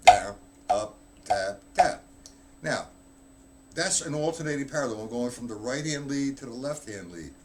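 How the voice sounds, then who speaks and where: A man's voice: mid-range voice, slight background noise. A man giving a live drum lesson, talking bluntly and offhand while he counts out stickings aloud. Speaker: drum teacher.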